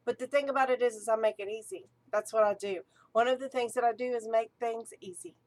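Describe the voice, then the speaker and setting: A woman's voice: on the high side, fairly even intonation, fast talker. A woman, an archpriestess and ritual director, giving an eager, chatty teaching talk.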